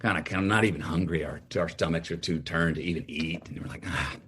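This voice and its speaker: A middle-aged man, a podcast guest, telling a long story with lively, drawn-out delivery. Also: low-pitched, slightly rough. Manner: lively, drawn-out storyteller who acts out scenes. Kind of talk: animated storytelling in a podcast chat.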